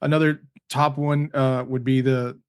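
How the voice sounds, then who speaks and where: A man co-hosting a casual podcast, speaking haltingly with restarts and laughing along. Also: mid-range voice, flat delivery, clear, resonant tone. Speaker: podcast co-host.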